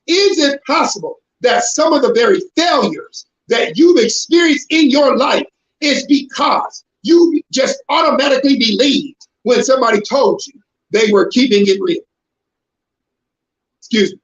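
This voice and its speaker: High-pitched male preacher who pushes hard and shouts for emphasis, recorded roomy and lo-fi. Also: expressive, measured pace. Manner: emphatic, confrontational, with sudden shouted bursts. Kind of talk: preaching to a congregation. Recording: roomy, dull lo-fi sound.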